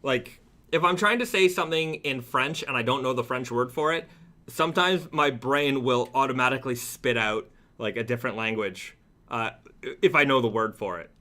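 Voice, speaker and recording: A man's voice: medium pitch, moderate pace, sharp tone. A man hosting a weekly live stream, chatting casually and reading viewer comments aloud with plenty of fillers.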